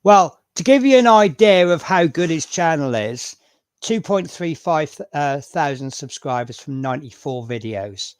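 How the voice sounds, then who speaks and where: An unhurried man with a Norfolk accent, from Norfolk, England, chats casually on his live stream, rambling and making fun of himself. His voice is on the high side, expressive and smooth, in a dry recording.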